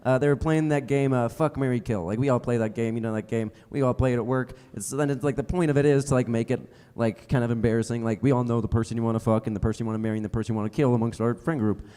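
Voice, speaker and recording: A man's voice: medium pitch, steady tone, very fast, few pauses, dark tone, clean tone. Man, young adult, stand-up comedy, rambling, self-mocking, lots of fillers, theater reverb. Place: theater stage before a live audience.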